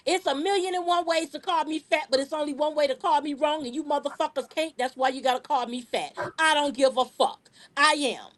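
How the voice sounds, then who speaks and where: A woman with a high voice hosts a live-streamed podcast. She talks in a fierce, profane, insistent way. She often restarts and repeats words as she presses each point. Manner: aggressive, profane, emphatic; repeats words when heated. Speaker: podcast host.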